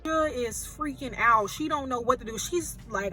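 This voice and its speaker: A woman movie reviewer retelling a film plot in an animated, chatty way. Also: high-pitched, measured pace, few pauses. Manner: animated, chatty storytelling with fillers.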